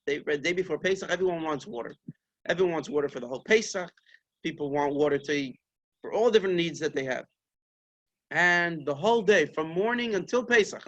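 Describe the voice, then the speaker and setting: Male rabbi, storytelling sermon; high-pitched, lively, acts out the characters. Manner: animated storyteller, voices the story's figures, Yiddish-flavored phrasing.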